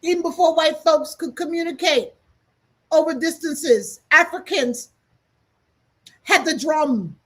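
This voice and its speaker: A woman's voice: sits high, a little slow, pauses often, low-quality recording. A woman giving an emphatic spiritual teaching, repeating key lines for weight.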